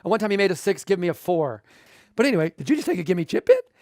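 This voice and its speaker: Man, interview guest, fast joking storyteller, lively pitch, dry sound. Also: no echo. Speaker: guest author.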